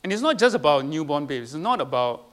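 A man's voice: fairly high pitch, very animated, fast. A man preaching a sermon, putting questions to the congregation and tagging his points with "right?". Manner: asks the congregation questions, tags lines with "right?". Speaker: pastor.

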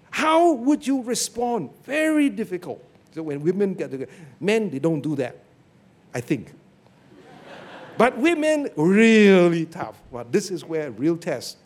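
Preaching on a Bible passage, a man in a high voice tells stories animatedly and keeps checking in with his listeners using "okay?" and "you see".

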